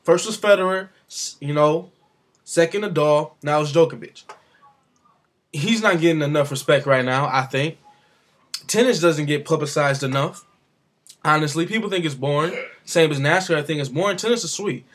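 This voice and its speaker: A man's voice: a little high, moderate pace, fairly bright tone. A man giving his casual, rambling opinions on the sport, with offhand asides. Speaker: sports commentator vlogger.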